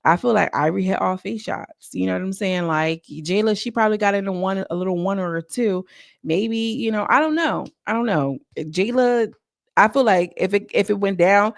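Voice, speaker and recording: A woman recapping a reality show in casual, slangy commentary, breaking into quick mocking impressions of the cast. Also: lowish voice, vocal fry, dry recording, clean studio sound. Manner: chatty, slangy, quotes cast members in mocking voices.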